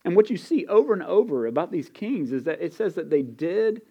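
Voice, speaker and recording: A man's voice: high-pitched, sing-song, brisk, mellow, husky, highs cut off. A man preaching a sermon in an earnest way, repeating key phrases and building intensity as he goes. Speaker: pastor.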